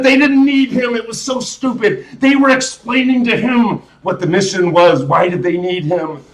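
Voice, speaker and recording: A man's voice: sits high, animated, a little slow, few pauses, fairly bright tone, reverberant. A man hosting a live show, rambling through a casual movie rant with emphatic restarts and rhetorical questions. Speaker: host.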